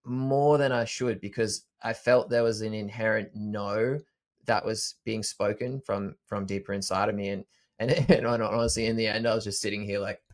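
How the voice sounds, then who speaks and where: A man with a somewhat low voice hosts a relaxed podcast chat. He reflects out loud in a calm, unhurried way, often stopping to rephrase mid-thought. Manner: thoughtful, self-correcting, calm. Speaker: podcast host.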